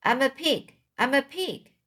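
A woman voicing a rowdy, show-off little boy in a storybook, loud and bratty. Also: high-pitched, lively intonation, measured pace, pitched above the performer's own voice. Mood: boisterous.

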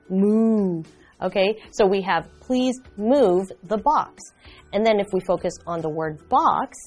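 A young adult woman hosting a pronunciation lesson, slowly and carefully sounding out each word. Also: mid-range voice. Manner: slow, careful enunciation of sounds. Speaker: English pronunciation teacher and host.

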